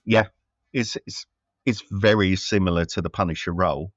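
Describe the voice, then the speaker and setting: A man's voice: sits low, fairly even intonation, moderate pace, no echo, muffled recording. A man co-hosting a casual film review chat, rambling with many fillers and restarts. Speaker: podcast co-host.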